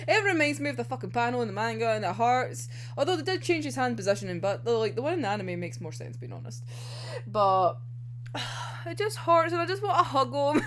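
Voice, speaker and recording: A woman, excitedly reacting to an anime episode, laughing often and swearing freely. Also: sits high, slight background noise. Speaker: anime reviewer. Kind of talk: casual episode reaction vlog.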